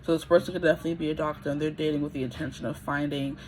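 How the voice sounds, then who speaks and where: A woman's voice: sits low, steady tone, racing, a little mellow, slight background noise, low-quality recording. A woman in her twenties giving a casual pick-a-card tarot reading, chatty and rambling, often checking in with her listeners. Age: 20s.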